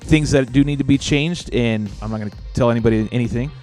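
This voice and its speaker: A man hosting a podcast, telling stories in an animated, casual way and swearing freely. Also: medium pitch, fast, faint music behind. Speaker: podcast host. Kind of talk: casual chat.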